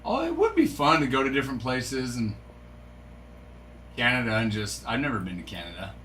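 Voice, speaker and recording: A man with a bright, forward voice chats casually on a live stream, wondering aloud and reacting to viewers' comments. A faint hum sits in the background of his recording. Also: medium pitch, sing-song, brisk. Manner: chatty, musing aloud, reads from a screen, stumbles over French names. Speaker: card break streamer.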